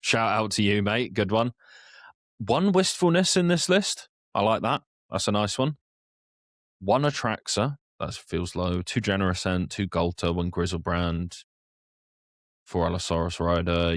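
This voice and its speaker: A man's voice: sits low, flat delivery, moderate pace, a bit bright, no room sound, clean studio sound. A man co-hosting a casual podcast, talking in an opinionated, conversational way. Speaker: podcast co-host.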